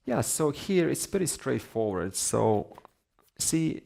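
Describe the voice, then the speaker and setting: A man's voice: medium pitch, big pitch swings, slow, vocal fry, dark tone. A man teaching a class on scripture, conversational, asking his students questions and laughing between points. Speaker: Vedanta teacher.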